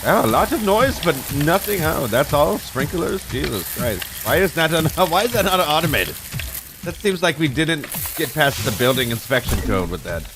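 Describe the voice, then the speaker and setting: A man's voice: a little high, sing-song, normal speed, noisy background. A man swearing and reacting sarcastically while commenting on the shooter game he is playing. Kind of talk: casual gameplay commentary. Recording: loud game music under voice.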